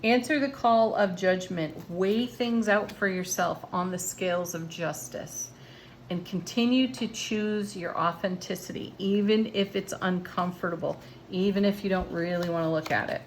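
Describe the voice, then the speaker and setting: A woman giving a tarot card reading in a gentle, encouraging, spiritual manner. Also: fairly low pitch, measured pace, slight background noise. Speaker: tarot reader.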